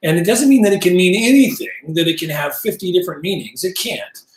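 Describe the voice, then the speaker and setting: A man in his fifties gives a casual lesson on Bible language, wandering into asides and mocking himself along the way. His voice sits a little high for a man. The recording carries a roomy echo. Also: lively intonation. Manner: digressive, halting, self-deprecating.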